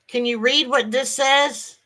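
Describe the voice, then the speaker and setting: A woman hosting a casual livestream, greeting viewers by name and chatting in a halting way with lots of ums and restarts. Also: high voice, fairly even intonation, bright, forceful tone. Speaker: livestream host.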